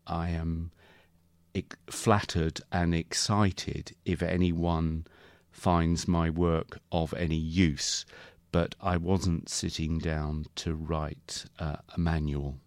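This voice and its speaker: A middle-aged man, an author and radio guest, talking about his book in a thoughtful, articulate and measured way. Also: low-pitched, level tone, a little mellow, no room sound.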